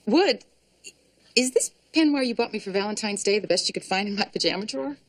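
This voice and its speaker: Actress doing a quick-talking wife, lively up and down voice. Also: female voice, medium pitch, close to an everyday voice. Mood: protesting. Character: busy pregnant wife running a campaign.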